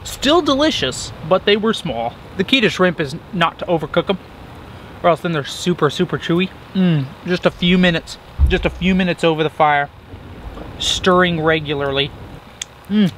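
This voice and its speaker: A chatty young man tells his camera about cooking and bugs at a beach campsite, laughing often. His voice sits fairly high for a man, and a faint outdoor hush runs behind him. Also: lively intonation, moderate pace, slight background noise. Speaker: outdoor adventure vlogger. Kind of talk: casual camp vlog narration.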